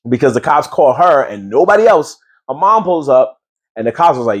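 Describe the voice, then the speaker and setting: A man's voice: on the high side, animated, moderate pace. Slangy New guy ranting. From New York. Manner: slangy, incredulous, mocking. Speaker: show reviewer. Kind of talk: casual recap rant.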